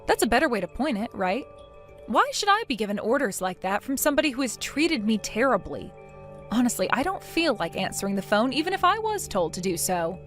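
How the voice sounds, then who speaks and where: A woman voicing a defiant daughter-in-law in a text-message story, sarcastic and mocking, with soft music behind. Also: fairly high pitch, sing-song, brisk. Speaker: narrator of the story.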